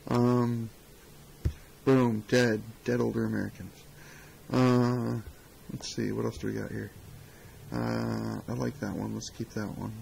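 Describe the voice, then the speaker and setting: A man's voice: mid-range voice, flat delivery, a little slow, gravelly, darkish tone, slight background noise, low-quality recording. A man co-hosting a casual live-stream talk show, wry and joking, muttering to himself as he fixes the stream. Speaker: podcast co-host.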